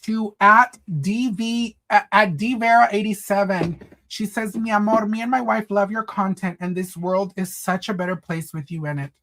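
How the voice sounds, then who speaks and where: A man's voice: high voice, fairly even intonation, normal speed, hardly any pauses, bright, forceful tone. A man hosting a casual livestream, chatting with viewers in a sassy, campy way, calling them honey and girl and slipping into Spanish phrases. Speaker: livestream host.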